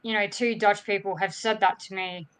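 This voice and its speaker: A woman's voice: mid-range voice, fairly even intonation, moderate pace, fairly bright tone, clear, resonant tone. A woman chatting on a call-in stream, insistent and filling her talk with "like" and "just". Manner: insistent, says "like" and "just" a lot. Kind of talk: casual call-in chat.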